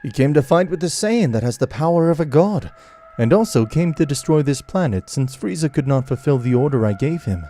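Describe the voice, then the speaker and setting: A man's voice: on the high side, lively intonation, fairly quick, dark tone, voice pushed up. A man voicing a scheming warrior king who sounds nervous in front of his lord. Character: scheming older male warrior king, fearful.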